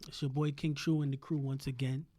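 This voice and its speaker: A man's voice: mid-range voice, flat delivery, a little fast, warm tone. A man hosting a casual podcast, preaching with rhetorical questions and a constant "you know what I'm saying". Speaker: podcast host.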